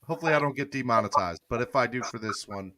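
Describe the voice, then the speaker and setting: A man's voice: medium pitch, animated, fast, crowd noise. A man hosting a casual sports podcast livestream, playful and hyping up his audience. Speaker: podcast host.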